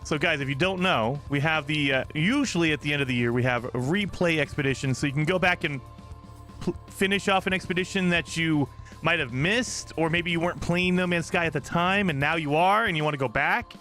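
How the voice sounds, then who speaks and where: A man streaming a game live, chatting casually and excitedly to his viewers while saying he is exhausted from little sleep. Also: fairly high pitch, brisk, soft background music. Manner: excitable, rambling, talks to chat. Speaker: gaming streamer.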